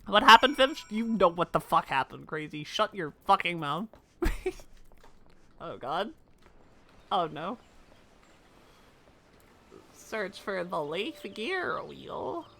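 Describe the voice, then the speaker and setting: A woman's voice: lowish voice, sing-song, takes it slowly, long pauses, sharp tone, a little hiss or hum. A young woman streaming a game, chatting in a playful way with swearing and laughter. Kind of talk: casual live gameplay chat.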